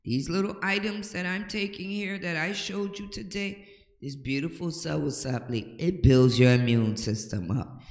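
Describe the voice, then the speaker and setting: A woman's voice: low-pitched, moderate pace, darkish tone. An older woman hosting a home-remedy talk, giving emphatic, preachy advice and often checking in with "okay?". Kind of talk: casual advice talk to camera. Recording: echoey room with long reverb.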